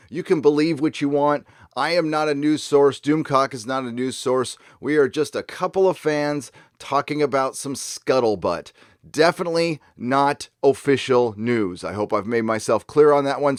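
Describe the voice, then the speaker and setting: A man's voice: mid-range voice, no echo, clean studio sound. A man hosting opinionated fan commentary, talking in a sarcastic, emphatic way. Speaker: YouTube commentary host.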